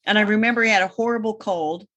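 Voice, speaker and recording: A woman's voice: mid-range voice, fast, fairly bright tone. A woman co-hosting a gardening podcast, telling long, wry stories in casual chat. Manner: rambling storyteller, wry.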